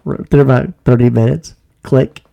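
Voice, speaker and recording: A man's voice: medium pitch, steady tone, a little slow, gravelly, dark tone. A man co-hosting a casual podcast, telling laid-back anecdotes and swearing casually. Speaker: podcast co-host. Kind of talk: casual chat.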